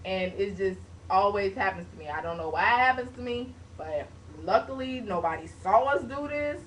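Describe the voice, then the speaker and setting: A young woman vlogger telling a story to a webcam at home in a lively, casual way, with sound effects like "boom" and "bam". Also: moderate pace. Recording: distant webcam mic, faint hiss.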